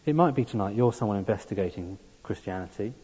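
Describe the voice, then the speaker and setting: A man's voice: fairly low pitch, animated, quick pace, warm tone, slightly rough. A man preaching a sermon, earnest and building to emphatic peaks. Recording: dull sound in a long-reverb hall.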